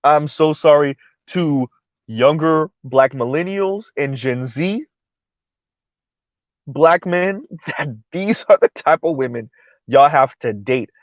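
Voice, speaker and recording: A man hosting a live-stream commentary show, talking in an animated, incredulous way, repeating words and restarting sentences. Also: on the high side, slow, dry recording, muffled recording.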